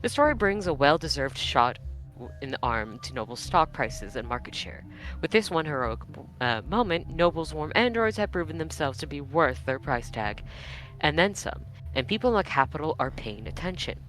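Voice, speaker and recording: A woman's voice: deep voice, sing-song, a bit bright, faint music behind, poor audio. A woman putting on a newscaster voice to read a promotional news story aloud during a group game session, with small stumbles. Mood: newsy. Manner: measured newscaster delivery, stumbles over words. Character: woman news anchor reading a glossy puff piece. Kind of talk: mock news reading.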